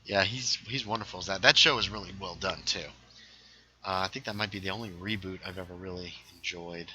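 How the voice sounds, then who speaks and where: A middle-aged man hosting a game livestream, yelling at enemies and chatting casually. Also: low-pitched, brisk, crowd noise. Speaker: livestream host. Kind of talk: casual gameplay commentary.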